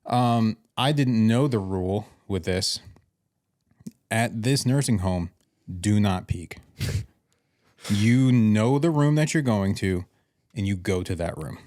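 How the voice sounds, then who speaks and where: A man's voice: lowish voice, takes it slowly, long pauses, darkish tone, no echo, clean studio sound. A man hosting a casual podcast, telling paramedic stories and acting out the dialogue with swearing. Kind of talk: casual storytelling chat.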